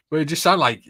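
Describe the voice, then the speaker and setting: His voice is fairly high, bright, and forceful, captured in a dry recording. As host of a casual chat, he reads viewer comments and rambles through anecdotes, laughing frequently.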